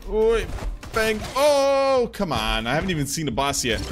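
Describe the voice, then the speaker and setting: Guy playing a game and going bang bang, bouncy up-and-down voice, slow talker, game music loud behind him. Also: sits high, huge pitch swings. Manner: chanting gunshot sound effects, playful. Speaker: let's play gamer. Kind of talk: live gameplay commentary. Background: video game music.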